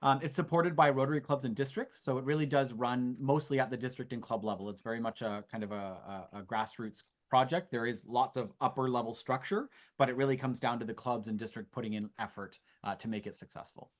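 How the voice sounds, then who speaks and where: A man's voice: medium pitch, steady tone, quick pace, hardly any pauses. A man in his thirties presenting an online info session in a chatty, storytelling way with asides, heard over a video call. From Canada. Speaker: youth exchange presenter.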